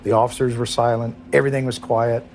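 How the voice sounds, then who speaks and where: Emotional retired police chief, halting. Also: male voice, mid-range voice, little pitch movement, darkish tone, slight background noise. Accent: Kentucky. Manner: halting, emotional, many restarts and trailing off. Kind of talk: recorded interview recollection.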